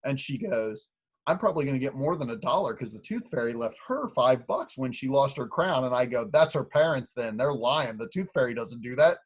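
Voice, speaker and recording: A man in his thirties hosting a podcast, chatting casually, telling animated stories and often breaking into laughter. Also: medium pitch, a little fast, husky. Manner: animated storyteller who laughs a lot. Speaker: podcast host.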